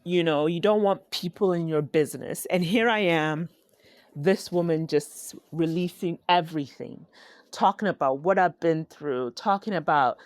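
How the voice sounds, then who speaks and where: A woman from Ghana hosting her own podcast, talking in a slow, heartfelt, reflective way. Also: on the low side, dry recording. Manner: slow, heartfelt, with sighs and laughs. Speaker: podcast host. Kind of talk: reflective solo podcast talk.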